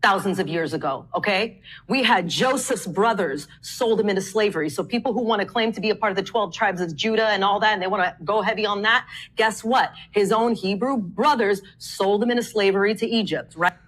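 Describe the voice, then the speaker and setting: A woman's voice: mid-range voice, brisk, fairly bright tone, poor audio. Woman guest in an interview, sure of herself, trips on words under pressure.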